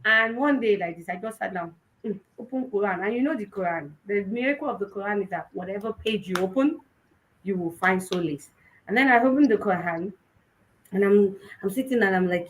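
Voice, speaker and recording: A young woman with a Nigerian Yoruba-tinged accent, giving an animated personal testimony at a conference and mixing in Yoruba phrases. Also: medium pitch, brisk, rough recording. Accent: Nigerian, Yoruba-influenced English. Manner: animated storytelling, switching between English and Yoruba. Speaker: conference speaker.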